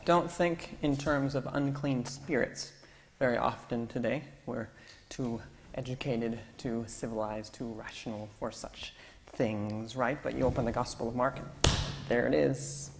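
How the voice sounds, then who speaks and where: A man's voice: medium pitch, fairly even intonation, measured pace, vocal fry. A male pastor leads a call-and-response sermon, his talk easygoing and coaxing as he repeats the answers people offer. His voice carries a long church-hall reverb. A faint hum of ambience sits beneath it. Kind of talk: interactive sermon. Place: church sanctuary.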